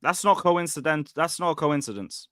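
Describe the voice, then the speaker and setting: A young man talks football on a casual panel, working through his points in a conversational way. His voice is bright and lively. It sounds dry and close to the mic. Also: on the high side, normal speed, clear, resonant tone, no room sound.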